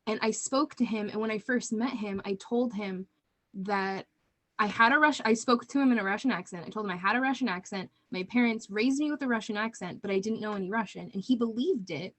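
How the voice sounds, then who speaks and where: Lively young woman telling a story. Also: medium pitch, a little fast. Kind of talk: casual chat.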